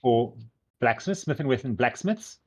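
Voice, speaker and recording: A man's voice: medium pitch, animated, normal speed, breathy edge. A man narrating as game master in a tabletop game, describing scenes loosely with plenty of fillers.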